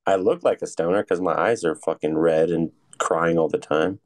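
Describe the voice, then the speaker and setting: Young man, low deep voice, laid-back, laughing a lot, casual podcast chat. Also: fairly even intonation, moderate pace. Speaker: podcast co-host.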